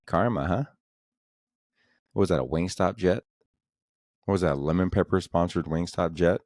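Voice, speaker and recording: Young male podcast host, very low, crude sarcastic rambler, dry room. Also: darkish tone, no room sound. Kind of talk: solo comedy podcast rant.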